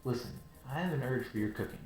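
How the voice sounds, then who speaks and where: A man voicing a modest, plain-spoken young male commander in an even tone, over game music in a roomy space. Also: medium pitch, quick pace, close to an everyday voice. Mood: calm.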